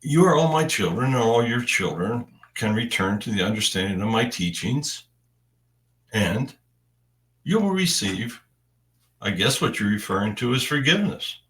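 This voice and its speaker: A man delivering a spiritual message in the first person, in deliberate, halting phrases with long pauses. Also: fairly low pitch, very animated, a bit bright, distant mic.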